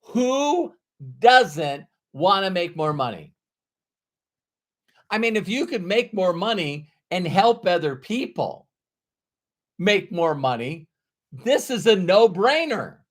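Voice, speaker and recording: A middle-aged man delivers a motivational talk, unhurried and emphatic. His voice sits a little high for a man, and he likes to repeat the lines he wants to land. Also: very animated. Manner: emphatic, repeats key phrases. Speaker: motivational speaker.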